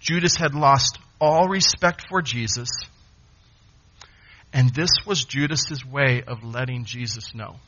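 Emphatic preacher man, slow and husky. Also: mid-range voice, bright, forceful tone, dull audio. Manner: emphatic, dramatic pauses. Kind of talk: sermon.

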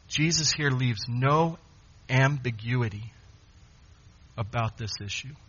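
A man preaching a sermon, emphatic, with dramatic pauses. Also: medium pitch, bright, forceful tone, slightly rough, highs cut off.

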